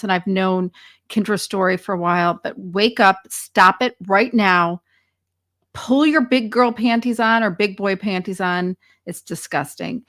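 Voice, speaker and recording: A woman's voice: medium pitch, a bit bright, dry recording, clean studio sound. A woman hosting a podcast, speaking with passion and emphatic urgency to her guest and listeners. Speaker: podcast host. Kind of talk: podcast conversation.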